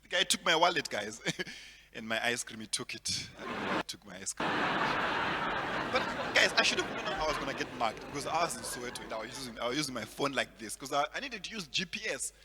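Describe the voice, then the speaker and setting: A man from Zimbabwe doing stand-up comedy, animated, repeating words and laughing at his own jokes. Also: mid-range voice, fast, in a large hall, heavy background noise.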